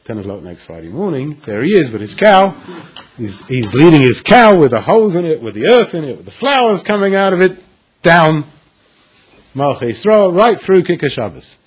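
A man giving a storytelling Torah lecture, animated and acting out the dialogue with dramatic pauses. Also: fairly high pitch, slightly rough, rough recording. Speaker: Torah teacher.

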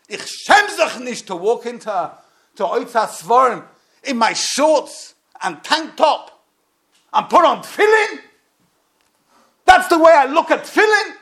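Brief: man with a very high voice, impassioned sermon. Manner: impassioned, swings from loud to hushed. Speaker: rabbi.

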